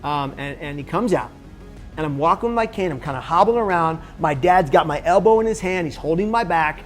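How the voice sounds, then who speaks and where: A man with a slightly high voice tells a personal story straight to camera. He is animated and jumps into the voices of the people he quotes. Faint music plays underneath. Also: a little fast. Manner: animated, acts out other people's lines in the story. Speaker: suicide prevention speaker.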